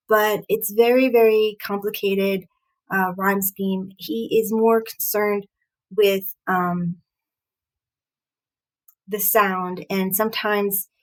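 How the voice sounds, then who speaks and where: A woman reviewing a poem, explaining its meter in a halting, thoughtful way with frequent pauses and fillers. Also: mid-range voice, fairly even intonation, poor audio. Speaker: poetry reviewer. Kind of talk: explaining poetry analysis.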